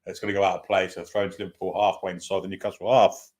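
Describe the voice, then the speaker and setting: A man's voice: low voice, flat delivery, fast talker, darkish tone. A man giving partisan live play-by-play commentary on a football match as a fan, with running asides.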